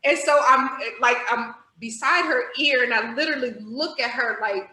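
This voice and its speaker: A woman in her forties, a podcast guest, telling a personal story with animation, acting out her own thoughts in a higher voice. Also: normal speed, sharp tone, echoey room, low-quality recording.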